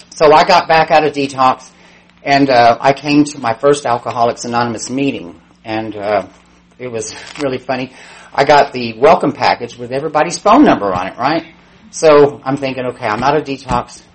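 A man sharing his recovery story in front of a meeting. He talks candidly and pokes fun at himself, and he slips into livelier, higher voices when quoting people. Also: low-quality recording. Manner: candid, self-mocking storytelling with voiced quotes; shifts pitch up and gets louder when mimicking others. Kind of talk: personal testimony.

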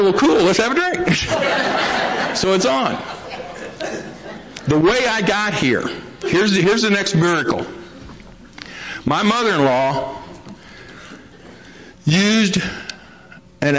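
A man's voice: a little high, a bit bright. A man telling his recovery story to a meeting, a folksy storyteller who acts out the quotes. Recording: dull lo-fi recording.

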